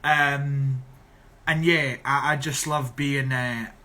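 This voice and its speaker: A man's voice: mid-range voice, steady tone, slow, bright, forceful tone. A young Scottish man on a casual live stream, reading out viewer questions and answering in a chatty, sarcastic way. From Scotland. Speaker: drag performer on a live stream.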